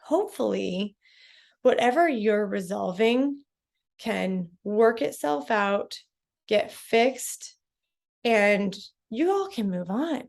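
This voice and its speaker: A woman's voice: mid-range voice, expressive, takes it slowly, gravelly, a little mellow. A woman talking to camera in a casual, direct way, giving advice from her own experience. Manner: direct, conversational, self-reflective. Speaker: vlogger.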